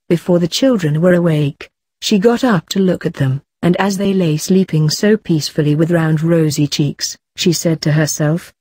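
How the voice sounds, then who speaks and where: Low, mellow woman reading a storybook. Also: slightly rough, dry recording. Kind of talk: children's audiobook narration.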